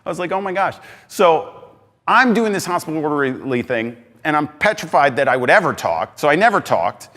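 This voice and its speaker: A man giving an energetic talk on stage, emphatic and excitable, swinging between loud bursts and quieter asides. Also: a little high, moderate pace. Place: large hall on stage. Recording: reverberant hall.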